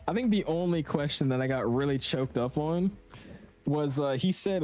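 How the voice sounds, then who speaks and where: A man's voice: medium pitch, fairly quick, darkish tone, faint music behind. A young man chatting casually with viewers on a live stream, slangy and talkative. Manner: chatty, slangy, reads chat aloud. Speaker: flight sim streamer.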